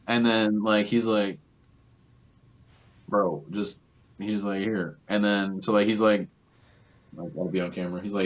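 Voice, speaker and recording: A man's voice: fairly low pitch, steady tone, a little slow. A young man co-hosting a casual movie chat, rambling through a plot recap with lots of "like" and "um". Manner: rambling, filler-heavy retelling with lots of "like" and "um". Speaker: podcast co-host.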